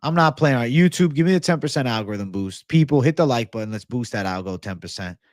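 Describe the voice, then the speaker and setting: Young dude on a livestream, swears a lot, gets hyped, dry close sound. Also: male voice, mid-range voice, fast, no room sound. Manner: profane, excitable, laid-back bro talk. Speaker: MMA livestream host. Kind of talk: casual livestream chat reading comments.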